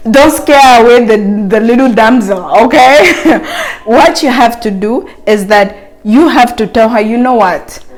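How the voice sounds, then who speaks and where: A woman's voice: a little high, unhurried, soft background music. Playful woman giving dating advice. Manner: playful, teasing, direct address to viewers. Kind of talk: casual advice chat to camera.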